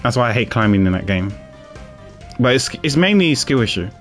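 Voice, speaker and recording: A man's voice: mid-range voice, very animated, a little fast, fairly bright tone, faint music behind. A man streaming a game, chatting casually in a rambling, self-deprecating way and laughing often. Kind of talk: casual gaming chat.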